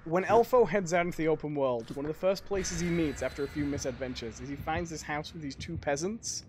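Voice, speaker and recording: Casting: relaxed live-stream host reviewing a show, lots of ums, faint hiss behind. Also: mid-range voice, brisk. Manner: chatty, hesitant, filler-heavy. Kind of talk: casual live-stream chat.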